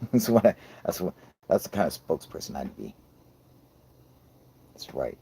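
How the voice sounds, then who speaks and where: A man's voice: a bass voice, big pitch swings, a little slow, creaky, mellow, husky. An American man with a scratchy voice hosting a livestream, joking around with heavy swearing and frequent laughter. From United States. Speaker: livestream host reading chat. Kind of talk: casual profane banter.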